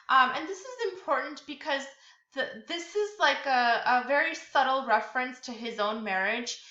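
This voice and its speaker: A bright-voiced woman gives a relaxed tutorial, talking through her slides with lots of fillers and little restarts. Her voice sits a bit high. The sound is echoey and dull, like a lo-fi room recording. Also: moderate pace. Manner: chatty, many fillers and restarts. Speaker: literature tutor. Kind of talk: casual lecture over slides.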